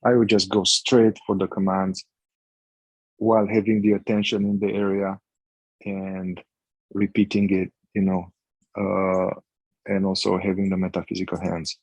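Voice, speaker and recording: Husky, low-voiced man guiding a practice. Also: level tone, darkish tone, no room sound, rough recording. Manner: slow, searching, restarts phrases. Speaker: somatic inquiry facilitator. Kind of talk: guided practice instruction.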